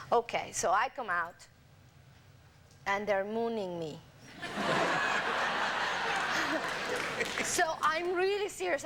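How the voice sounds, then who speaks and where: A woman guest on a TV talk show, telling a story with lots of laughter and quick acted-out quotes. Her voice sits fairly high for a woman. A faint hiss from an old satellite TV recording runs under everything. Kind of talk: animated anecdote telling. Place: TV studio with audience.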